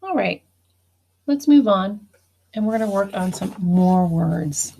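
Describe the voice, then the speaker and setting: A woman's voice: medium pitch, lively intonation, takes it slowly, vocal fry, warm tone, a little hiss or hum. A woman teacher giving a recorded phonics lesson, spelling words out letter by letter and explaining each syllable.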